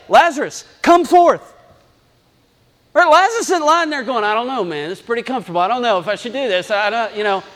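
A man preaching a sermon in a lively, conversational way, acting out asides as he reads scripture. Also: very high voice, long reverb tail. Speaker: pastor.

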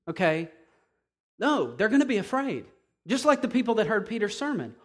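A male preacher giving a conversational, animated sermon, often checking in with "okay?". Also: sits high, normal speed.

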